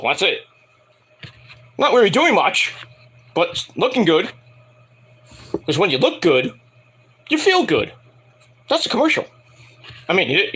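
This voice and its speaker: A man reviewing a wrestling show in a casual, rambling rant, swearing freely and mocking people in quick put-on voices. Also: high-pitched, pushed and bright, slightly rough.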